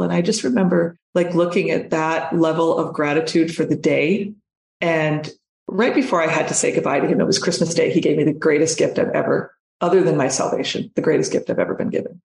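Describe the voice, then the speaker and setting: A woman's voice: low-pitched, fairly even intonation, a little fast, vocal fry, a little mellow, reverberant, slight background noise. A woman guest telling a personal story in conversation, speaking emphatically and repeating phrases for effect.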